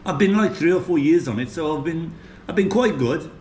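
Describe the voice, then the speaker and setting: Older English man, light West Midlands accent, rambling casual food vlog, slightly high voice, echoey room with faint background hum. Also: lively intonation, a little fast, a little mellow. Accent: English, West Midlands with a Maltese tinge. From England, West Midlands. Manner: chatty, rambling, chuckling. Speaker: food vlogger.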